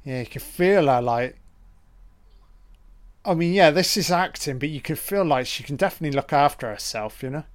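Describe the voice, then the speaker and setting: A man's voice: on the high side, animated, moderate pace. A man giving a casual commentary over a film, reacting with profane running remarks.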